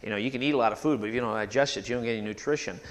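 A man preaching a sermon in a church, emphatic and animated, leading the congregation to repeat phrases after him. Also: medium pitch, racing. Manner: sings hymn lines at the start.

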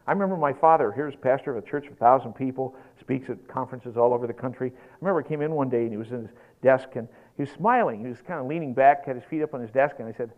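A man preaching a sermon in an animated, folksy way, getting worked up as he goes. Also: mid-range voice, fast, hardly any pauses. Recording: tinny lo-fi phone-like recording.

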